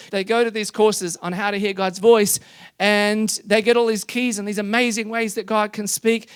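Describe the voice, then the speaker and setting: A man preaching a sermon to a congregation, animated and emphatic, rising into loud emphasis. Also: high voice, smooth. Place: church hall before a congregation.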